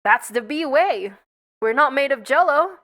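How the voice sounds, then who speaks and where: Woman voicing earnest young bee hero, rousing speechmaker, high, bright tone, lively pitch. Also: a little slow.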